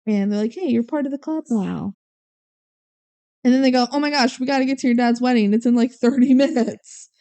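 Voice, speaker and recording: Young woman podcast cohost, bit high, mellow smooth voice, recaps scenes w lots of "like". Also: brisk. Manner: retells scenes with quoted character lines, frequent "like" and "um". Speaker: podcast co-host. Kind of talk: casual movie recap chat.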